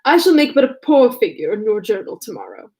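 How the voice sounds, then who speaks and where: A woman reading aloud and voicing a witty, teasing young gentleman with mock-formal manners. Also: fairly high pitch, big pitch swings, fairly quick. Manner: mock-formal, then simpering when he affects a pose.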